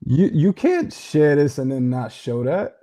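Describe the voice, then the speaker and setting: A man's voice: a little high, very animated, measured pace, warm tone. A young man co-hosting a casual podcast, teasing his co-host and laughing often. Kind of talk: casual chat.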